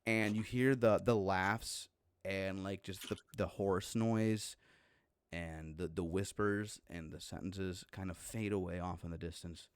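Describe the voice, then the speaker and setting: A man's voice: deep voice, fairly even intonation, unhurried, clean tone, dry recording. A man running a horror tabletop game as game master, narrating loosely with plenty of fillers.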